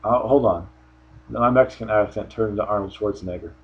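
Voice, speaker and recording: Husky low-voiced man rambling in a review. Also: fast talker, muffled recording. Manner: rambling, offhand, frequent restarts. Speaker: wrestling show reviewer. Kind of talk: casual solo review commentary.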